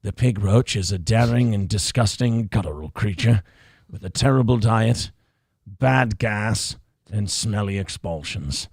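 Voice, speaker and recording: A man voicing a solemn male wildlife documentary narrator in a mock nature documentary, speaking slowly and gravely. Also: lowish voice, darkish tone, no echo, clean studio sound, pitched below the performer's own voice, full character voice. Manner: slow, grave documentary delivery.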